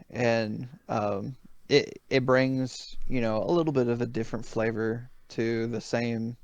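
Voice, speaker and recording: A man's voice: medium pitch, gravelly, a little mellow, dry recording, muffled recording. A man co-hosting a gaming podcast, talking casually and thoughtfully with fillers and restarts. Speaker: podcast co-host.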